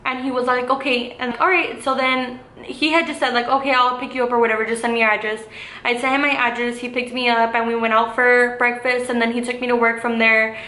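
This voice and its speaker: A woman's voice: a little high, little pitch movement, a little fast, sharp tone. A young adult woman vlogger telling a casual story, chatty and full of fillers like "like" and "um". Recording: echoey room with faint hiss.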